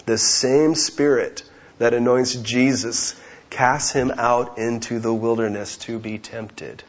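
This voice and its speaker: A man's voice: medium pitch, fairly even intonation, takes it slowly, muffled recording. A man preaching an expository sermon, who keeps asking rhetorical questions and acts out the voices of the people in the story.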